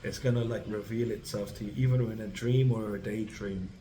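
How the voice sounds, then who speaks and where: Tarot reader, male, low monotone voice, rambling delivery full of "like" and "you know", reassuring. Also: a little fast, slight background noise, low-quality recording. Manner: rambling, full of fillers and restarts; reassuring, speaks directly to the listener. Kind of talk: tarot reading to camera.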